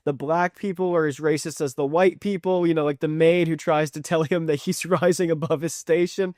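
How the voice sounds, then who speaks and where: A man's voice: on the high side, darkish tone, no room sound, clean studio sound. A man reviewing a cartoon series in a rambling, chatty way. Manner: rambling, chatty, with fillers and restarts. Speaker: video reviewer. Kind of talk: casual retrospective review.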